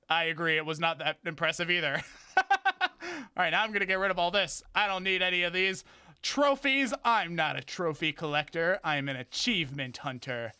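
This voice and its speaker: Excitable male streamer, fairly high bright voice, chatty let's-play commentary with faint noise behind. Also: normal speed, clean tone. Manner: excitable, talks to game enemies, frequent exclamations. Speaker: gaming streamer.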